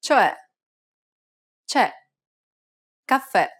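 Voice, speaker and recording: A woman reading example words aloud, slowly and deliberately, for learners. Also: fairly high pitch, sing-song, husky. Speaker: native speaker giving examples.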